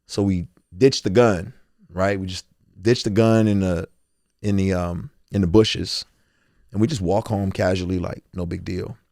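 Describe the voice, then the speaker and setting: A man's voice: low voice, a little slow, dry recording, clean studio sound. A man in his forties, a guest telling his life story candidly and acting out the voices of others. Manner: animated storyteller, acts out quotes.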